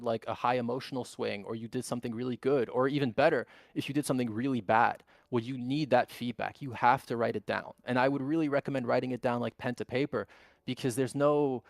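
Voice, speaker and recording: A man's voice: mid-range voice, creaky, no room sound. Blunt, plain-spoken man on a stream. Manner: candid and blunt, swears freely. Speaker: guest trader. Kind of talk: casual chat on a live stream.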